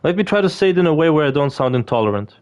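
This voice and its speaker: A man's voice: fairly high pitch, expressive, racing, a little mellow. A man chatting casually while he plays a video game, rambling and swearing with lots of fillers and restarts. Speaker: gaming video creator. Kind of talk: casual gameplay commentary.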